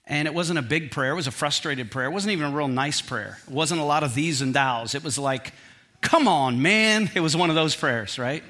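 A middle-aged man preaching from the pulpit in a bright, forceful voice that sits a little high. He tells his story in an animated way, pokes fun at himself and keeps the tone humorous. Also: fairly quick, few pauses. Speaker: pastor. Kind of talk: sermon with personal storytelling.

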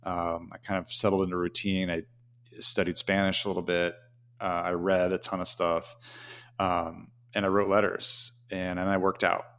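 A man's voice: deep voice, flat delivery, moderate pace, a bit bright, clean tone. A man telling a casual, rambling story as an interview guest, with many "you know" fillers.

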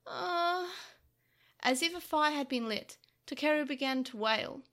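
A woman reading a story aloud in an expressive way, with small slips. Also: sits high, normal speed.

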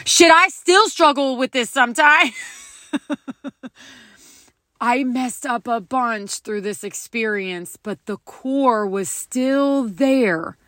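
A woman's voice: a little high, takes it slowly, a bit bright, no room sound, clean studio sound. A woman hosting a casual spiritual podcast, candid and open, laughing often and swearing casually. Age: adult parent. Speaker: podcast host.

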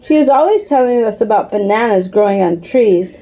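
A woman reading aloud, voicing a strong, gentle boy in a storybook in a plain, kindly way. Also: medium pitch, lively intonation, fairly quick, lo-fi sound. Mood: fond.

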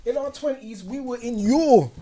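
A man's voice: very high-pitched, normal speed, warm tone. A man in casual podcast chat, dropping in short, dry remarks with London slang.

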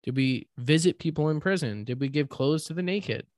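A man's voice: fairly high pitch, moderate pace, a little mellow, no room sound, studio quality. A man co-hosting a faith podcast, reflective, building his points with pointed questions. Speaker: podcast co-host. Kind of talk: casual faith podcast chat.

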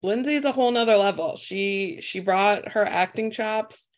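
A woman's voice: medium pitch, moderate pace. Enthusiastic woman co-hosting a podcast. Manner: enthusiastic, expressive, many fillers. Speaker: podcast co-host. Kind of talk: casual chat.

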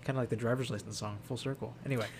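A young man rambles through a personal story as a podcast co-host, leaning on fillers at every turn. His voice sits at an ordinary middle pitch. A faint hum of room noise lies behind him. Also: fairly even intonation, very fast. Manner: rambling, heavy use of fillers like "like" and "you know". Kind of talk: casual chat, storytelling.

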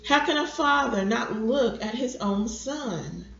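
A woman's voice: on the high side, lively intonation, slow pace, creaky, fairly bright tone, slight background noise, exaggerated voice. A woman reading aloud as a bitter young widower and father who speaks defensively and in anguish. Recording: roomy, dull lo-fi recording.

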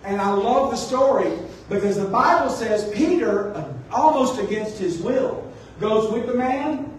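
A man preaching a sermon, animated and joking with his congregation. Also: high voice, unhurried, a little hiss or hum. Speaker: pastor. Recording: echoey room, distant mic.

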